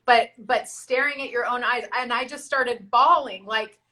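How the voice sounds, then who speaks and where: A woman's voice: on the high side, moderate pace, a crowd in the background, poor audio. A woman co-hosting a casual podcast chat, talking in an emphatic, encouraging way and swearing freely. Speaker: podcast co-host.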